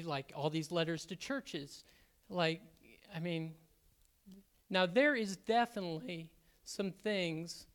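Excitable man giving a church talk. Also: sits high. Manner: excitable, halting, many restarts. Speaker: elder candidate. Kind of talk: sermon-style church talk.

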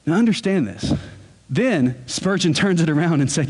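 A man preaching a sermon as pastor, earnest, and he slows down to stress key words. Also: on the high side, expressive, a little mellow, slightly rough.

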